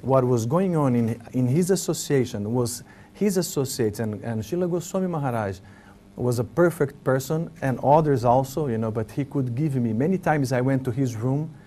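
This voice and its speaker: A man with an Italian accent recalls past years in an easy conversation. He speaks English as a second language, often stops and restarts to find the right word, and his voice sits at an average pitch. A faint hiss runs under the recording. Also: lively intonation, dark tone. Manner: halting, searching for English words with many restarts. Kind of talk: casual reminiscing conversation.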